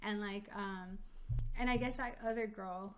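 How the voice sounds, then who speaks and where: A woman's voice: mid-range voice, fairly even intonation, unhurried, a little hiss or hum. A young adult woman co-hosting a podcast, chatting casually and telling stories with lots of "like" and the odd swear word. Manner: chatty storytelling, heavy use of "like", swearing. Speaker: podcast co-host. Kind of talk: casual chat.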